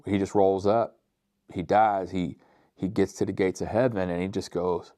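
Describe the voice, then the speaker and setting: A man delivers a casual, conversational sermon full of slang. His voice sits very low, and the recording is close and dry with no room sound. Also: fairly even intonation, normal speed, mellow, no echo. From Pittsburgh, USA. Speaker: pastor.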